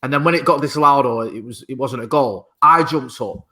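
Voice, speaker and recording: A man's voice: medium pitch, a little fast, pushed and bright. A man, telling swearing, rambling anecdotes in casual podcast chat. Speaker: podcast co-host.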